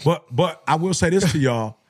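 A middle-aged man, a motivational speaker who tells stories in slangy talk and acts out other people's voices. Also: moderate pace. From Detroit area. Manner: animated, slangy, acts out voices with big pitch jumps. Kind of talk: storytelling talk.

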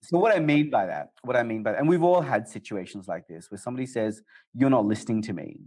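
A man answering interview questions about communication in a conversational way, jumping up in pitch for quoted asides. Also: expressive, fast talker, darkish tone. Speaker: guest speaker on communication.

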